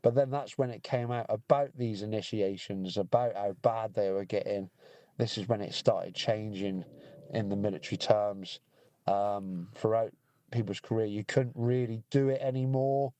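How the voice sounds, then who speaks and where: A man's voice: fairly low pitch, fairly even intonation, normal speed, dark tone, dry recording. British man telling a sweary army story. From United Kingdom. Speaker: podcast co-host, army veteran. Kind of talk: casual chat.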